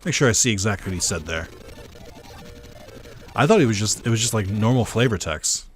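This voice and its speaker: Low-voiced laid-back gaming guy. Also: expressive, a little fast, faint music behind. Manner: laid-back, musing aloud, chuckling. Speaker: gamer. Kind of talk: casual let's-play commentary.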